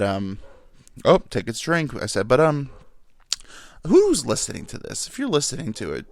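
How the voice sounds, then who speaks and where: Lively rambling man on a podcast. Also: medium pitch, normal speed, gravelly, no echo. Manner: rambling and crude, heavy on filler words. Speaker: podcast host. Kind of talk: casual solo podcast monologue. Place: at home.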